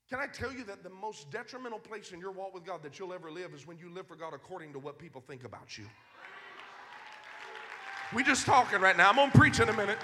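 A man preaching a fiery sermon to a youth service, shouting one moment and hushed the next, with many fillers between his phrases. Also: high voice, animated, fairly quick, long pauses, a faint crowd. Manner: swings from loud to hushed.

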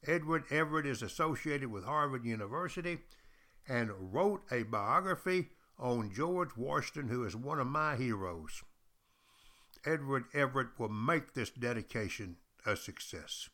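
A man's voice: mid-range voice, lively intonation, measured pace, bright, forceful tone. A man from Texas, giving a podcast history lecture as a teacher who tells stories emphatically and repeats key phrases.

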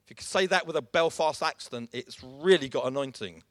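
A man's voice: medium pitch, fairly quick, fairly bright tone, no room sound. A man preaching a sermon, emphatic and direct, calling his listeners folks.

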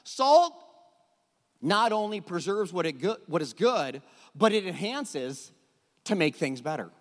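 A middle-aged man preaching a sermon, animated and jokey, often repeating words as he goes. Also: high-pitched, a little slow, long reverb tail. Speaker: pastor. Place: church hall.

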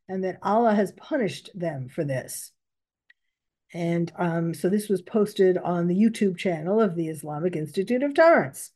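A woman's voice: mid-range voice, warm tone. A woman commenting on news reports, reading out quotes and stopping to correct herself.

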